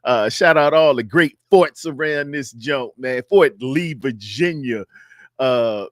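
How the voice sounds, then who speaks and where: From a North Carolina home studio, a man hosts a sports fan livestream, speaking slowly in a mid-range voice. His casual chat is loose and repetitive, and he greets viewers by name; the recording is clean, with no echo.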